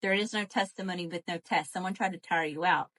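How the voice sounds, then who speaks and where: A woman doing a live tarot reading, animated and profane, calling to her viewers as y'all. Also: fairly low pitch, fast. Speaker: tarot reader.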